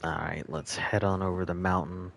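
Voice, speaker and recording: Low-voiced male game streamer, casual. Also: flat delivery, moderate pace, creaky, slight background noise. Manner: mutters quietly to himself while playing. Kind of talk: casual gameplay chat.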